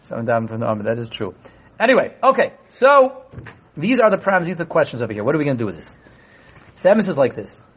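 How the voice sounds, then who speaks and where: A man teaching a Torah class to a live group, animated, asking rhetorical questions and acting out voices. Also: fairly high pitch, fast, breathy edge. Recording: dull lo-fi room recording.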